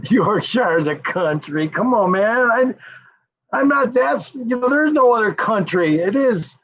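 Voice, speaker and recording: A high, slightly bright voice comes from an American man hosting a laid-back livestream. Chatting with viewers, he rambles, swears and chuckles often, and the stream audio sounds dull and lo-fi.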